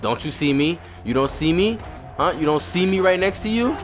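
Excitable young man trash-talking while gaming. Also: fairly high pitch, moderate pace, over music. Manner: profane, excitable trash talk. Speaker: gamer commentator. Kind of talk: let's play commentary.

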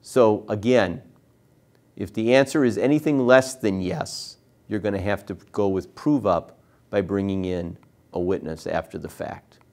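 A man's voice: on the low side, a little mellow. Man lecturing on courtroom technique. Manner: acts out lawyer and witness exchanges in a raised voice; explanatory, measured teaching tone. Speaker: trial advocacy instructor. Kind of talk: lecture on cross-examination.

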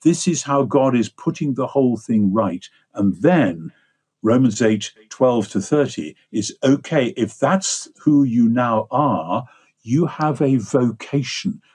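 A man's voice: mid-range voice, lively intonation, slow pace, a little mellow, slightly rough. An older man with an English accent, explaining ideas at length in a discursive, lecturing way as an interview guest. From England. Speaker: guest theologian.

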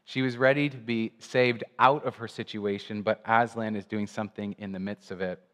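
A man giving a sermon as guest preacher, slow and reflective. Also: fairly low pitch, fairly even intonation, a bit bright, in a large hall. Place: church.

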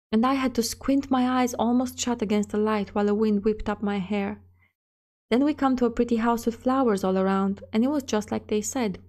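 A woman's voice: mid-range voice, darkish tone. A woman narrating a scary short story in the first person of a child, with a plain storytelling manner. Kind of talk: scripted horror story narration.

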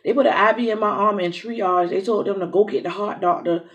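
A young woman telling a lively story over a meal, acting out each speaker's lines. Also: medium pitch, brisk, dull audio. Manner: animated storyteller acting out dialogue, drawling. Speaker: mukbang host. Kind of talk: casual storytime while eating.

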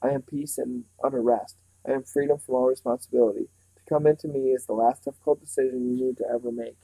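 Coaxing sinister stranger in a storybook, read by a man in a dark, close, dry voice. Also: medium pitch, fairly even intonation, fast talker, creaky, no echo, rough recording. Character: sinister man offering false comfort.

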